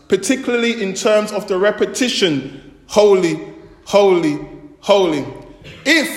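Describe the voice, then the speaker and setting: A man preaching a sermon in a church, speaking slowly and deliberately and stressing his points through repetition. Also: high voice. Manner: slow, deliberate delivery with emphatic repetition. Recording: echoey church hall with long reverb.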